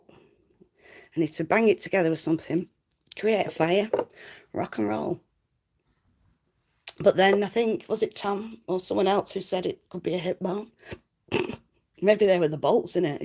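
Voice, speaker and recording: A woman's voice: lowish voice, measured pace, gravelly, pauses often, a little mellow, breathy edge. A young woman, chatting on a live stream, giggling and swearing as she rambles. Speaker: livestreamer. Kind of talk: casual live stream chat.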